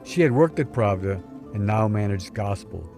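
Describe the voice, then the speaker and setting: A man's voice: on the low side, animated, moderate pace, over music. A man narrating a scripted first-person story in a dry, wry tone, recorded on a close mic. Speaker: storyteller, podcast host.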